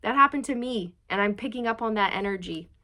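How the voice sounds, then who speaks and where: A woman gives a casual tarot reading, talking straight to her audience. She is chatty and warm in tone, often stacking rhetorical questions as she works through the cards. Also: fairly high pitch, a little fast. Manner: chatty, addresses viewers directly, frequent rhetorical questions. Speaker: tarot reader.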